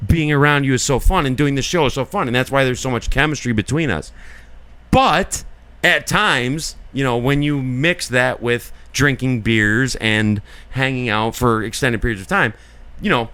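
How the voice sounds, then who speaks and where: A man's voice: medium pitch, fairly bright tone, clear, resonant tone, no echo. A man co-hosting a podcast in casual chat, talking in long earnest rambles full of filler likes. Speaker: podcast co-host.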